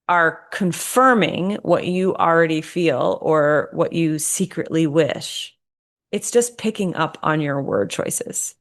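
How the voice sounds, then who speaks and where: A woman co-hosting a podcast in casual chat, explaining ideas at length in a reflective way. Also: sits low. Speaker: podcast co-host.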